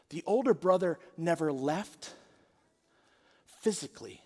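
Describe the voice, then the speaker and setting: A man preaching a sermon as pastor, dramatic and animated, dropping to a hush and then rising loud as he acts out the story's quotes. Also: fairly high pitch, normal speed, in a large hall. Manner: dramatic, swings from hushed to loud when acting out quotes. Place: large church auditorium.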